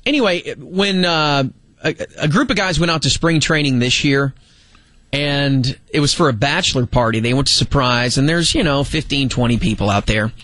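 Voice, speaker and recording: A man hosting a sports radio show, telling a story in casual, animated banter from the studio. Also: mid-range voice, no room sound. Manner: animated storyteller, mimics fans' shouts. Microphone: studio microphone.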